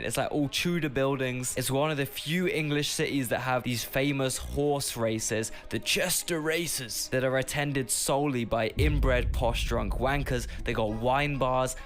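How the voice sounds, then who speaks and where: A man's voice: medium pitch, a bit bright. A man with a Birmingham accent giving wry, mocking scripted narration for a travel video, full of casual slang.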